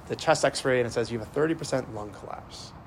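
A man's voice: medium pitch, quick pace, gravelly, a little hiss or hum. A man in his thirties, a priest giving a casual, story-driven homily with lots of fillers and restarts. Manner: conversational, many fillers and repeated starts.

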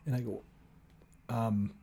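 A man's voice: mid-range voice, level tone, slow, mellow, slightly rough. A man telling a long story to a listener in casual conversation, acting out the dialogue with lots of "she goes" and "I go.".

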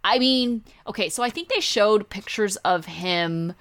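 A woman's voice: mid-range voice, unhurried, fairly bright tone. A woman co-hosting a podcast, chatting casually and animatedly about a reality show, with lots of fillers. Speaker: podcast co-host.

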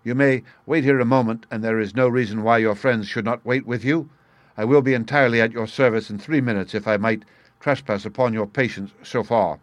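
A man's voice: medium pitch, fairly even intonation, brisk, no echo, lightly acted. A man reading the part of a frightened male company manager who speaks with forced politeness. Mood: strained courtesy.

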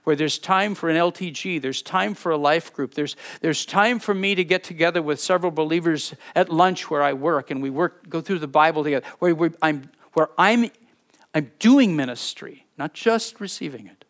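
A man's voice: on the high side, fairly bright tone. A man preaching a sermon as a pastor, earnest and fervent, who leads a closing prayer and blessing. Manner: earnest, fervent, slowing to read scripture aloud.

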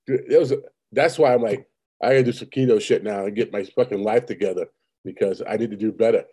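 A man's voice: lowish voice, fast talker, mellow, slightly rough. A man telling rambling, profane stories in casual conversation as host. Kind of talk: casual chat.

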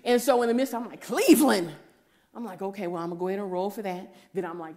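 A woman, giving a preaching testimony and acting out the voices in her story, sometimes rising to a shout. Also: medium pitch, quick pace. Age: 40s.

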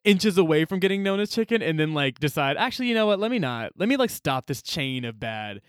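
A man's voice: on the high side, sing-song, a little fast, clear, resonant tone, no room sound, clean studio sound. A man co-hosting a casual book podcast, retelling scenes animatedly and acting out the characters' lines, with lots of "like". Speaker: podcast co-host.

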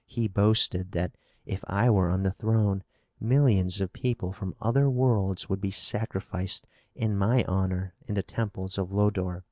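A man's voice: low-pitched, measured pace, a little mellow, dry recording. Male narrator voicing a scared young woman, pleading, anxious, audiobook character. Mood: fearful.

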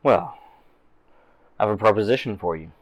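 Man doing a cool businesswoman interrogator, measured, slightly low voice. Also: expressive, lo-fi sound. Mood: cool, probing. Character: composed businesswoman interrogating a prisoner.

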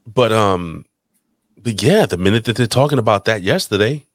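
A man's voice: on the low side, animated, normal speed, no room sound, studio quality. A man co-hosting a talk show, chatting in a rambling, profane way. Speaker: podcast co-host. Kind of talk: casual chat.

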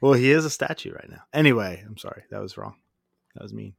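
A man's voice: on the low side, quick pace, creaky, slightly rough, dry recording, studio quality. A man co-hosting a casual chat, easygoing and self-deprecating. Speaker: podcast co-host.

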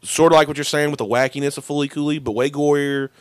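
Smooth-voiced man swapping anime talk. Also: fairly high pitch, quick pace, no room sound, clean studio sound. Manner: profane, animated retelling of scenes. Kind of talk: casual chat.

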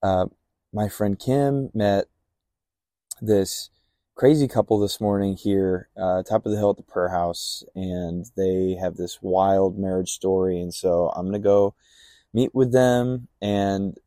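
A man's voice: sits low, takes it slowly, mellow, dry recording, clean studio sound. A young man casually telling a personal testimony on a podcast, rambling with fillers and acting out remembered dialogue. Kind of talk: casual storytelling.

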